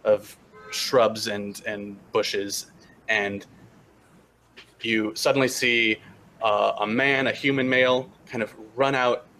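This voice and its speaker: Low-voiced male game master, slow and halting as he describes scenes. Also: fairly even intonation, bright, forceful tone, slight background noise, poor audio. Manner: halting, with frequent restarts and fillers. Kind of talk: narrating a tabletop game.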